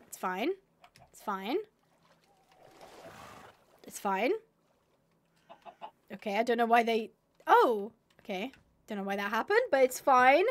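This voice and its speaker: A woman's voice: high voice, normal speed, long pauses. A woman streaming a game live, chatting and mocking herself as she talks to her animals. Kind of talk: live gameplay commentary.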